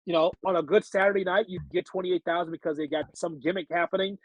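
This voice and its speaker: A man's voice: high-pitched, fairly even intonation, fast talker, no echo, low-quality recording. A man co-hosting a sports podcast, ranting animatedly and acting out mock quotes. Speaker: sports radio co-host. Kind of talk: casual sports podcast banter.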